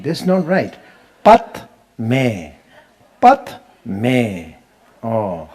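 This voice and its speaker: A man, teaching how to pronounce mantras in an unhurried, laughing way, chanting them as he goes. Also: medium pitch, sing-song, a little mellow, breathy edge. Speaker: Buddhist teacher. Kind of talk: dharma teaching on mantra pronunciation.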